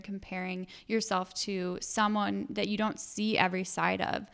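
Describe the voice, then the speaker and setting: A woman's voice: mid-range voice, creaky, a bit bright, smooth. A woman co-hosting a podcast, affirming the guest and asking a follow-up question. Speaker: podcast co-host.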